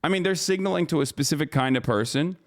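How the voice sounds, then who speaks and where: On a livestream, a man with a voice on the high side rants quickly through casual commentary. He's exasperated and profane, rambling and restarting often.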